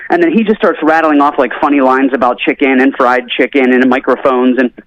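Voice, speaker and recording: A man telling an animated story as a guest on a talk show, acting out the people he quotes. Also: medium pitch, a little fast, lo-fi sound. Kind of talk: casual storytelling.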